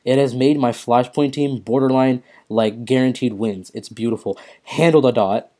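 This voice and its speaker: A young man casually commentating his mobile game on a live stream, excitable, swearing often and reading chat aloud, troubled by hiccups and throat-clearing. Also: mid-range voice, moderate pace.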